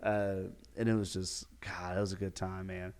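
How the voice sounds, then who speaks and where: A man's voice: low voice, level tone, moderate pace, a little mellow, clean tone. A man, a youth minister hosting a podcast, tells a story casually and animatedly, with frequent chuckles and fillers.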